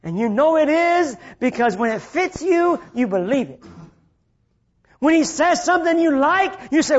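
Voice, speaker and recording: High-voiced preacher, shouting then hushed. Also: male voice, sing-song, measured pace, lo-fi sound. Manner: swings from shouting to hushed low delivery. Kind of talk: sermon.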